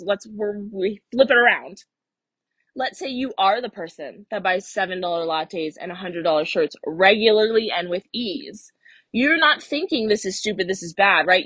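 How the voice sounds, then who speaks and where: A woman's voice: medium pitch, slightly rough, no echo. A young woman hosting her own podcast as a life coach, talking casually and animatedly, often acting out what listeners think. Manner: animated, acts out listeners' inner voices. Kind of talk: solo podcast talk.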